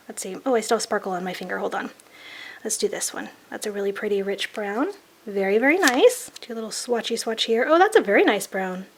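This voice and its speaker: A woman with a sick-sounding voice, chatting in a casual makeup review vlog in a gushing, soft-spoken way. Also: medium pitch. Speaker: beauty vlogger.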